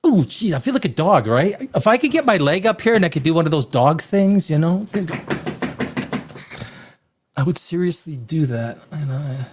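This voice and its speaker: A man hosting a rowdy live stream, loud and rambling, swearing and reading chat comments aloud, a little tipsy from wine. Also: on the high side, a little fast, a little hiss or hum. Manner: animated, swings between shouting and muttering. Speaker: live show host.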